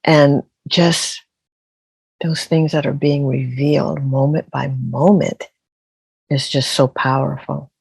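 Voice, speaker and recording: An older woman speaks slowly with a gravelly, creaky edge. She tells her story as a podcast guest and repeats phrases for emphasis. Her voice sounds dry and close, with no room around it. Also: a bass voice, level tone, darkish tone, no room sound. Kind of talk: casual interview storytelling.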